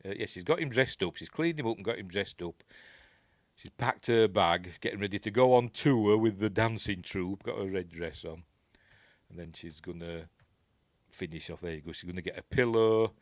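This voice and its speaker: Low-voiced Yorkshire man recapping a film. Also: dry recording. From Yorkshire, England. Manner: rambling, chatty, full of ums and asides. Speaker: film reviewer.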